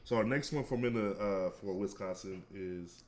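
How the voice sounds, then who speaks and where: A man's voice: lowish voice, normal speed, darkish tone. A man co-hosting a casual food podcast, easygoing and rambling, with lots of fillers. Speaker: podcast co-host.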